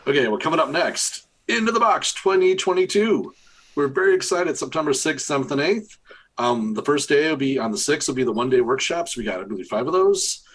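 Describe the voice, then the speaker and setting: A man co-hosting a podcast in an easygoing, teasing way with quick interjections. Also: fairly high pitch, expressive. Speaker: podcast co-host. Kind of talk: casual podcast chat.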